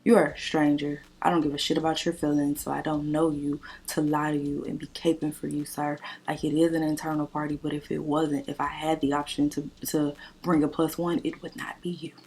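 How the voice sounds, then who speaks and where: A woman's voice: sits low, level tone, a little fast, hardly any pauses, a little mellow. A young woman vlogger chatting casually while doing her makeup, telling a dating story bluntly and animatedly, with lots of swearing. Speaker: beauty vlogger.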